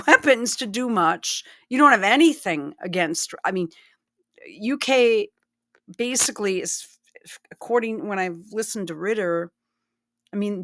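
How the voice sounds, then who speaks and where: A woman's voice: mid-range voice, a bit bright. A woman giving blunt, profane and emotional commentary while reacting to news clips. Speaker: online commentator.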